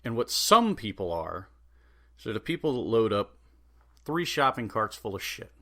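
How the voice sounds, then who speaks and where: A man's voice: on the low side, very animated, normal speed, bright, forceful tone. A man hosting a podcast, ranting sarcastically and swearing freely. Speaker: podcast host. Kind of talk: profane comedic rant.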